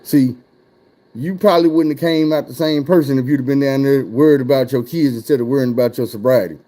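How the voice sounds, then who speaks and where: A man's voice: medium pitch, fast, warm tone. A man telling a wild personal story in casual, profane chat, his voice jumping up when he gets worked up.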